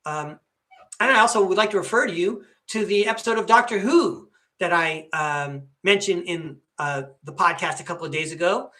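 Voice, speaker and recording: A man's voice: high-pitched, moderate pace, bright, forceful tone. An older man hosting a tarot podcast. He talks in a meandering live-stream monologue and keeps checking in with listeners by asking "okay?".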